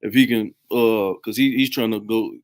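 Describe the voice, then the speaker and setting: A man in casual chat on a remote call, measured and hesitant, with fillers. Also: fairly low pitch, fairly even intonation, dry recording. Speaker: podcast participant.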